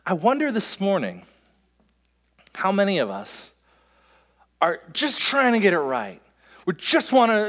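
A man preaching a sermon as pastor, in a conversational way, with quick asides and restarts. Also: high-pitched, big pitch swings, a bit bright. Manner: conversational, self-interrupting, with quick asides and laughs. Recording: long hall reverb.

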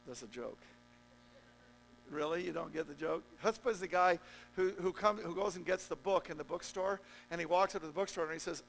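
A man preaching a sermon as pastor, joking with the congregation and swinging between loud emphatic peaks and low, quiet stretches. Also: a little fast, gravelly, slight background noise, poor audio. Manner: jokey, conversational asides to the congregation.

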